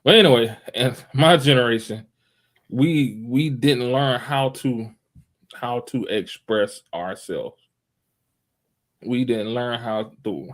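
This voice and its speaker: A man in his thirties hosting a podcast in casual chat, talking animatedly, acting out quotes and restarting his phrases. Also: on the low side. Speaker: podcast host.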